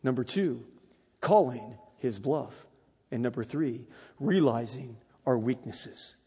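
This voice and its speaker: Animated preacher man in echoey hall. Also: mid-range voice, slow pace, husky. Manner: animated storytelling, rising to loud emphatic peaks. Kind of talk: sermon with personal story.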